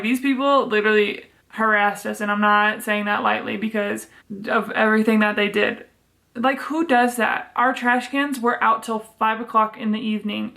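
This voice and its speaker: Gravelly, chatty young woman vlogger. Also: fairly high pitch, fairly bright tone. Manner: profane, exasperated, chatty. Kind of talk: casual storytime vlog.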